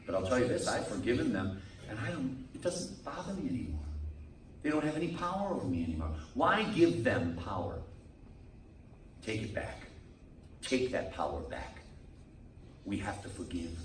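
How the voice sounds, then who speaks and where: A man, a priest, preaching a sermon to a men's group in a lively manner. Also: on the low side, normal speed, roomy sound, far from the mic, slight background noise, low-quality recording. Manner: lively preaching, acts out quoted people. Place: meeting room.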